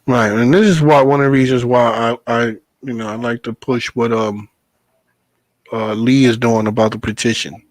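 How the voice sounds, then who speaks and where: Animated swearing bus driver. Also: male voice, mid-range voice, moderate pace, no room sound, low-quality recording. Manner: animated storytelling, swears freely, laughs. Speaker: podcast host, bus driver. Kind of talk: casual chat.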